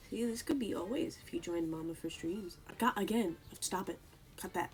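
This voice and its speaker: A woman streaming from home, chatting casually and cooing at her pet cat in a sing-song baby voice, now and then dropping to a soft whisper. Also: fairly low pitch, normal speed, music in the background. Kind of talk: casual live-stream chat. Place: home room while streaming.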